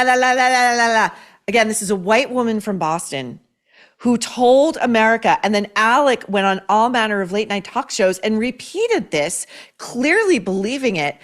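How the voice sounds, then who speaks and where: A woman's voice: mid-range voice, fairly bright tone. A woman hosting a podcast, giving blunt, profane, sarcastic pop-culture commentary, full of "like" and "okay?". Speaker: podcast host.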